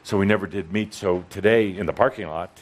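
A man with a fairly low voice hosts a live gathering, chatting loosely with his co-host. He rambles in a relaxed way, dotted with "uh"s, and a faint murmur of the audience sits behind him. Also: fast, crowd noise. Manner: chatty and relaxed, with many "uh" fillers. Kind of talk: casual chat with a co-host before a live audience. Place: gathering room with an audience present.

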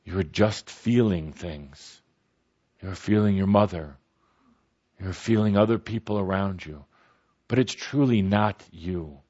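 A man voicing a calm, all-knowing spirit that speaks slowly and reassuringly in a storytelling recording. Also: on the low side, husky, highs cut off. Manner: slow, soothing, reassuring.

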